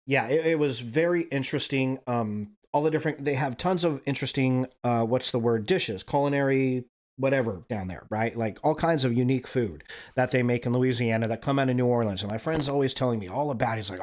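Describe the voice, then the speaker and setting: A man's voice: medium pitch, brisk, darkish tone. A man from Wyoming hosting a stream, telling a rambling, casual story and tagging "right?" onto his sentences. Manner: rambling, profane, frequent "right?" tags. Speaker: stream host.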